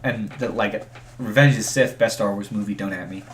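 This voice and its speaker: A man's voice: lowish voice, steady tone, recorded from a distance, a crowd in the background. Rambling young man, casual chat. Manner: rambling, halting restarts. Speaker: podcast co-host.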